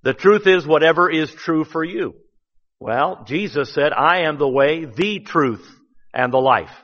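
Man, pastor, sermon, folksy, emphatic, slightly high voice, long reverb. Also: lively intonation, measured pace, a bit bright. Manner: folksy preaching, rising to emphatic bursts. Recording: dull sound with long church reverb.

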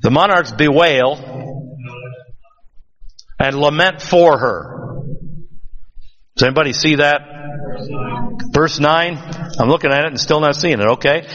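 A man preaching a verse-by-verse sermon in a conversational way, asking his congregation questions and slowing down for emphasis. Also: fairly high pitch, expressive, a bit bright. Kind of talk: expository sermon. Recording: dull sound with long hall reverb.

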